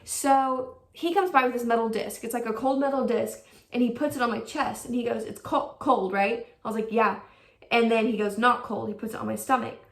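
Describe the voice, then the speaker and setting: A woman's voice: on the high side, fairly even intonation, brisk, creaky, echoey room, distant mic. A young woman vlogger telling a personal story in a casual, chatty way, full of "like" fillers and acted-out quotes. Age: young adult.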